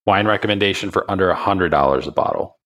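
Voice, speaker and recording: A man interviewing a guest, asking brisk quick-fire questions. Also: sits low, a bit bright, highs cut off.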